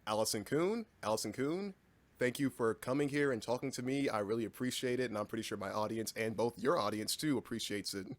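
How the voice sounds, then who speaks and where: A man's voice: mid-range voice, fairly even intonation, quick pace, few pauses. A young man hosting a casual interview, laughing often and self-deprecating. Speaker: host.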